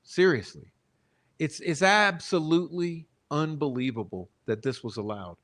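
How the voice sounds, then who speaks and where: A man's voice: a little high, fairly bright tone. A man hosting true-crime commentary, reading out trial testimony and arguing emphatically, often asking "okay?" and "right?" to press his point. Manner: emphatic, rhetorical, seeks agreement with repeated "okay?" and "right?"; deliberate, stretches key words for emphasis. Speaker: channel host and commentator.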